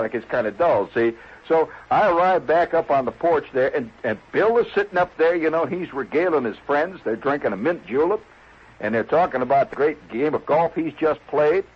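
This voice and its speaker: A man's voice: a little high, slightly rough. A man telling a long comic story in a folksy, rambling, self-deprecating way, on a dull lo-fi old recording. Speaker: comedian. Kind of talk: storytelling stand-up monologue.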